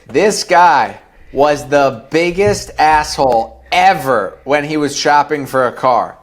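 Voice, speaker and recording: A man in his thirties with a somewhat high voice talks through his story as a podcast guest. He is blunt and swears freely, and he sometimes slips into other people's lines as he tells it. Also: animated, takes it slowly. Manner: blunt and profane, acts out quoted dialogue. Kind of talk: candid storytelling interview.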